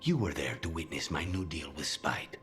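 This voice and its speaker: A brooding male companion from a fantasy video game, with an extremely deep voice. He speaks quietly and in measured phrases, faint music behind him. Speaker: game character.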